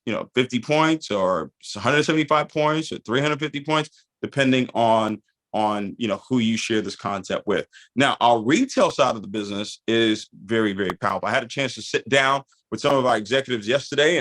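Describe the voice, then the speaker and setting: A man at mid pitch hosts a call. He gives a persuasive, upbeat sales presentation in a conversational tone. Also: fairly bright tone, low-quality recording.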